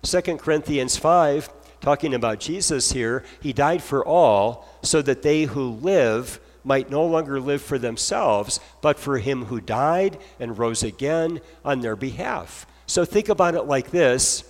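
A man's voice: mid-range voice, expressive, measured pace, hardly any pauses, long reverb tail. A man preaching an earnest sermon as pastor, moving from scripture into heartfelt spoken prayer.

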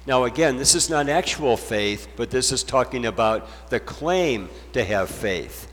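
A man preaching a sermon as pastor, deliberate and emphatic, stressing points through repetition. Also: mid-range voice, animated, a bit bright, in a large hall.

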